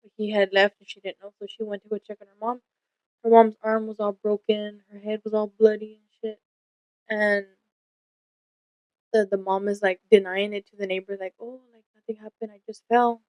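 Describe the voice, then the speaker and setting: A young woman co-hosts a casual podcast, telling stories candidly, swearing freely and voicing the lines of the people involved. Her medium-pitched, darkish voice is flat and moderately paced, and the dry recording has poor audio.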